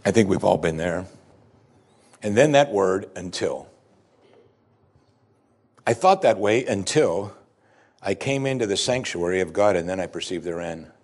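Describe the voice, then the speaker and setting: Husky, lively male preacher. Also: sits low, normal speed. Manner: dramatic scripture reading, rising loud for the psalmist's lament. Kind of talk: sermon.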